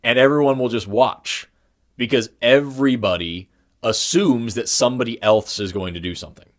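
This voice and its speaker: A man's voice: mid-range voice, moderate pace. A man co-hosting a podcast, telling a long story in casual chat, with many fillers and restarts. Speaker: podcast co-host.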